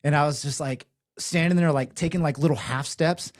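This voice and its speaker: A young man, a firefighter guest, telling stories casually on a podcast, full of "like" fillers and growing quiet in tender moments. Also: on the high side, a little fast, dry recording, clean studio sound. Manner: animated storyteller, many "like" fillers, softens for emotional parts. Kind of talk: casual storytelling interview.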